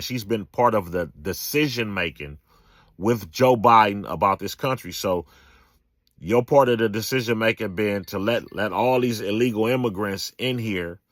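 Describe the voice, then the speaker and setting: A man's voice: lowish voice, no echo, studio quality. A man, giving a casual, emphatic political rant full of slang and repetition. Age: 40s. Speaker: political commentator.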